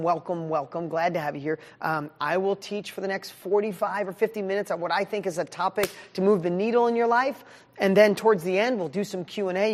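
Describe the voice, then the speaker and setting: An energetic man in his fifties leads a live coaching session, speaking in a loose, animated, conversational style. His voice rings with a long reverb tail. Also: sits high. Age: 50s. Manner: energetic, animated, casual with frequent "like". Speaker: business coach. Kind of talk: motivational live training.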